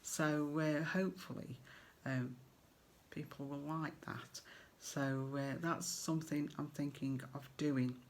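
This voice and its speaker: A woman's voice: deep voice, steady tone, slow. A middle-aged English woman chatting casually to her viewers as a crafting vlogger, rambling with fillers and friendly asides.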